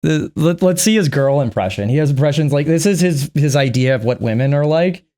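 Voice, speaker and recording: A man's voice: fairly high pitch, expressive, fairly quick, warm tone. A man giving casual reaction commentary on clips, sarcastic and profane, mocking what he watches. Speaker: reaction streamer.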